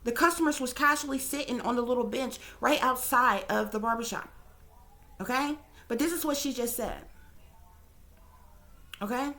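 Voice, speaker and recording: A woman's voice: a little high, normal speed, long pauses, bright, forceful tone. A woman hosting her channel as a psychic reader, giving casual commentary with emphatic, repeated "okay?" checks and casual swearing.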